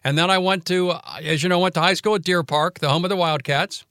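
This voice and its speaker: High bright-voiced older man, aggressive cadence. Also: fairly even intonation, fast talker, no echo, studio quality. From Cincinnati, Ohio. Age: 70s. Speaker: radio host and lawyer guest. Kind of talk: storytelling in a casual interview.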